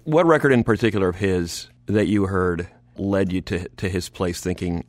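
A man hosting a radio music show, asking measured, thoughtful questions of a guest. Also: low-pitched, dry recording. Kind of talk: interview questions. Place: radio studio.

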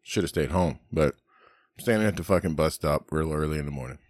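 A man's voice: a bass voice, fast talker, dry recording. A middle-aged man on a podcast, casually telling rambling stories full of swearing and laughter. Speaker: podcast host. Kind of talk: casual storytelling chat.

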